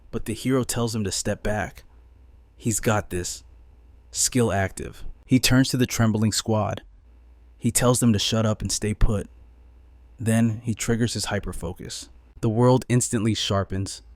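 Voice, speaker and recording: A man's voice: fairly low pitch, darkish tone, no echo. A man narrating a comic recap in an urgent, dramatic storytelling manner.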